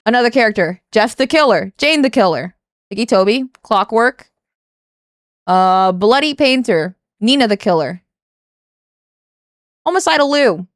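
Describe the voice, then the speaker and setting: A young woman talks over a video she is reacting to, rambling and exasperated, swearing freely and laughing between complaints. Her voice sits fairly high and sounds smooth and clean. The recording is dry and close, with no room sound. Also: expressive, measured pace, pauses often, no room sound. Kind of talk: casual reaction commentary.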